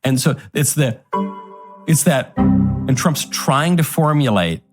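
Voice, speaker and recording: A male commentator reviewing impressions on his show, giving a measured, analytical critique. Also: mid-range voice, animated, loud music behind the voice.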